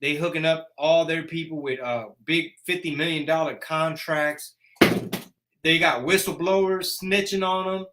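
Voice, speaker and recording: A man's voice: on the high side, fairly even intonation, unhurried, very noisy. A man, hosting a casual live chat in a brash, joking rant. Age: 40s. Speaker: host.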